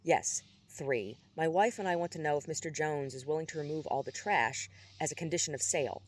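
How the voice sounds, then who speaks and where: A man's voice: on the high side, brisk, close to an everyday voice. A man reading a story aloud and voicing a blunt, formal middle-aged man who speaks matter-of-factly. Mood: stern. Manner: matter-of-fact, clipped.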